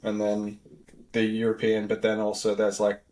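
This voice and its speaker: A man's voice: fairly low pitch, completely flat delivery, normal speed, a little mellow. A man in his thirties with an Australian accent, a podcast guest chatting casually about car repair work, with lots of "like" and "you know" fillers. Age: 30s. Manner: rambling, filler-heavy, easygoing. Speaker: podcast guest, auto technician. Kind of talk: casual chat.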